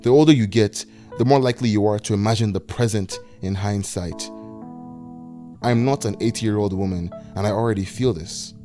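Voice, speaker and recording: A man in his twenties from Nigeria, narrating a reflective personal video essay in a soft-spoken way. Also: fairly low pitch, moderate pace, over music. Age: 20s.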